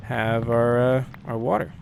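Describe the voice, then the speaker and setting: A man's voice: mid-range voice, little pitch movement, measured pace, vocal fry, background noise. A man hosting a game let's-play, chatting to himself and to viewers in a casual, musing way, humming now and then as he plays. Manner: chatty, talks to himself, muses out loud, hums as he plays. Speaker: gaming channel host.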